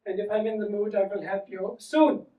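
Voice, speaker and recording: A man's voice: high-pitched, steady tone, normal speed, phone-quality sound, natural voice. A man voicing a sassy, sarcastic German male flight attendant with a German accent. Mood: campy. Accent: German, put on. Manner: campy, sarcastic. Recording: roomy theatre, from far off.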